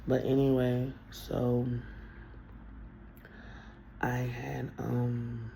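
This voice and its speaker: A woman's voice: extremely low pitch, little pitch movement, drawn-out words, gravelly, noisy background. A woman telling a story in a casual, blunt and profane rant that rambles along. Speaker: vlogger.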